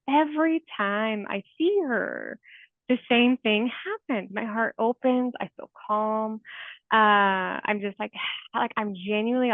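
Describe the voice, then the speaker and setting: Over a tinny, phone-quality remote connection, a female therapist in her 40s talks as an interview guest, earnest and sincere, leaning heavily on "like" as she tells her stories. Her voice sits a little high and the recording is dry.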